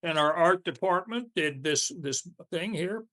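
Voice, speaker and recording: A man's voice: a little high, lively intonation, a little slow, a bit bright. A man co-hosting a podcast in casual chat, laughing often and talking with his mouth full. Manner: chatty, laughs often, eats while talking. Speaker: podcast co-host.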